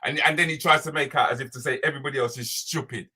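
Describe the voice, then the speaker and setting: Blunt bright-voiced man in banter. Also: medium pitch, steady tone, very fast, husky. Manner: blunt, teasing, street slang. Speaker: podcast co-host. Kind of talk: casual chat, banter.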